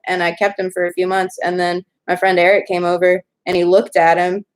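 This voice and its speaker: A woman's voice: lowish voice, flat delivery, brisk. A young woman in her twenties chatting casually with livestream viewers, rambling through stories full of "like". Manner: rambling, chatty storytelling with many "like"s. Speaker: writer hosting a livestream.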